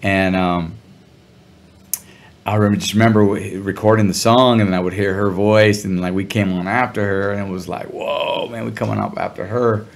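A middle-aged man telling a story as an interview guest, relaxed and full of slang. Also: on the low side, moderate pace. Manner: laid-back, chuckling, heavy slang. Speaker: guest musician.

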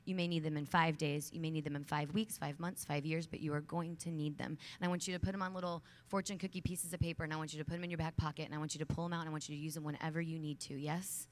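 A woman in her thirties speaks from a large conference stage to a room of young women. Her voice sits slightly low. She is earnest and emphatic, and when she tells stories she turns casual and chatty, full of "like" and quick asides. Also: fairly even intonation. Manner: chatty storytelling with many fillers. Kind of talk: motivational talk to young women.

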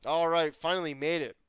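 A man casually commenting while playing a video game, excitable, swearing often, laughing and breaking into sudden loud outbursts. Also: fairly high pitch, measured pace.

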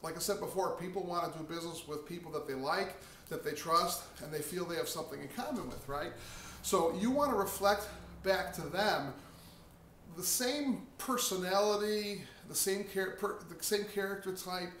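A man's voice: high-pitched, moderate pace, fairly bright tone. A man giving a casual lesson on real estate phone skills, talking conversationally and acting out sample phone lines. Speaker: real estate investing teacher. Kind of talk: casual instructional talk. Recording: echoey room from a distance, faint noise.

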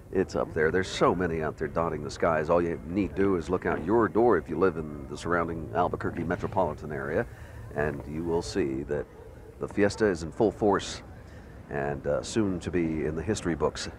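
A man's voice: a bass voice, moderate pace, slight background noise. A man anchoring live outdoor TV coverage of an event, chatty and jovial. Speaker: TV news anchor. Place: outdoors at a festival field.

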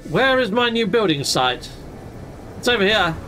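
A man's voice: high voice, very animated, normal speed, sharp tone, soft background music. A man commentating his gameplay in a chatty, exclamatory way, swapping in mild substitutes for swear words. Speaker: gaming channel host.

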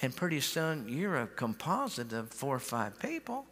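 A man's voice: medium pitch, wildly swooping pitch, moderate pace, a bit bright, slightly rough. A male pastor preaching in a big sanctuary, chatty and folksy, doubling back on his words. His voice sits in an ordinary middle register. Long reverb rings off the hall. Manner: folksy, conversational preaching with repeated starts. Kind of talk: sermon. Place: large church sanctuary.

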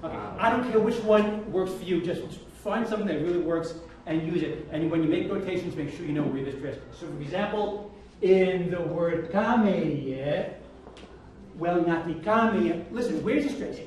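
A man with a fairly high voice leads a language class, calling out words for his students to repeat. He sounds lively and encouraging. The recording is very echoey, picked up from across the room with a faint hiss. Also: brisk, distant mic. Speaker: language teacher.

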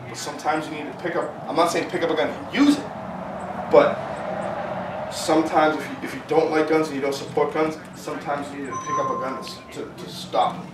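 A man rants hard and swears constantly, with a somewhat high voice and lots of stumbling restarts. He is picked up from a distance in an echoey space, with loud ambient noise all around. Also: steady tone, normal speed. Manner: profane, fired-up, repetitive restarts. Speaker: protest organizer being interviewed. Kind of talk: heated casual rant. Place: festival grounds.

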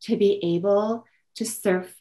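A woman's voice: medium pitch, fairly even intonation, slow pace, dark tone, poor audio. A woman presenting an online parenting workshop, telling a story from her own family and acting out what she says to her children.

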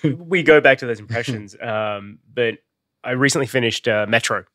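A man's voice: medium pitch, moderate pace, a bit bright, no room sound. A man co-hosting a casual studio interview, asking eager questions, laughing often and swearing casually. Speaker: podcast co-host. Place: podcast studio.

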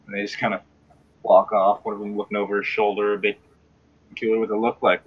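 A man with an Australian accent, narrating a tabletop game as dungeon master in a relaxed way with fillers. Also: fairly low pitch, quick pace, slightly rough, dull audio.

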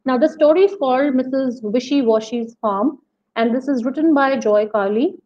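A woman leads a teacher-training webinar, talking through her points patiently with plenty of fillers and restarts. Her voice sits high. The audio is dull and lo-fi, like a video call. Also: moderate pace, a little mellow. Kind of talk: webinar lecture.

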